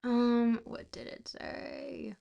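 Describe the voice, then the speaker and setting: A woman's voice: fairly high pitch, level tone, very slow, vocal fry, warm tone, lo-fi sound. A woman streamer chatting casually with viewers, talking in loose bits that trail off and restart, and laughing at herself. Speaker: livestreamer reading a book aloud. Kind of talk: casual livestream chat.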